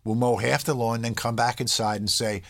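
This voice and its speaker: In an interview, a parenting expert explains in a conversational way, using a mid-range, creaky, slightly bright voice with fairly even intonation at normal speed. He checks in with "all right?" and briefly acts out what children and parents might say.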